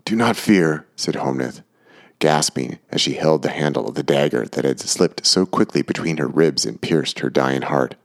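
A man narrating an audiobook in a measured, steady storytelling manner. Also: very deep voice, creaky.

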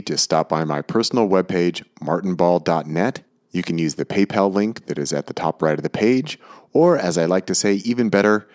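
Man, forties, podcast host, deep-voiced, easygoing and chatty. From United States. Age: 40s. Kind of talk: casual podcast talk.

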